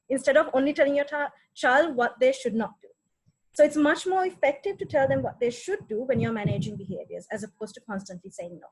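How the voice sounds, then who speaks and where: A woman's voice: high-pitched, darkish tone, rough recording. A woman giving a practical parenting webinar talk, offering example phrases and often checking in with "right?".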